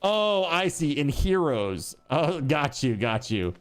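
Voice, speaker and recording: Man, casual stream chat, lively pitch, jokey, swears, soft music in back. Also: takes it slowly, clean tone. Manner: rambling, joking, swears freely.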